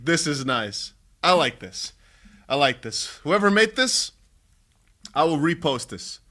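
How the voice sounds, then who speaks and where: A man hosting a casual livestream, animated and chatty with his viewers. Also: fairly high pitch, slow pace, background noise. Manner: animated, laughing, talks to viewers as lads. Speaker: livestream host.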